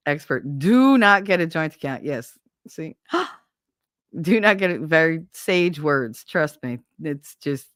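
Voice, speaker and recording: A woman's voice: low voice, no echo, clean studio sound. A woman hosting a livestream, talking casually with her chat, laughing often and swearing freely. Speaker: livestream host reading chat.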